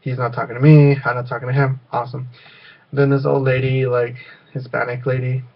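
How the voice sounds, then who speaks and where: A man's voice: mid-range voice, flat delivery, brisk, dull audio. A man telling a rambling story in a casual vlog, full of fillers and restarts. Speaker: vlogger.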